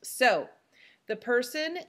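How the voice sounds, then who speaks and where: A woman's voice: on the high side, expressive, takes it slowly. A woman co-hosting a knitting podcast, chatting casually and announcing giveaway winners in an upbeat way. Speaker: podcast co-host.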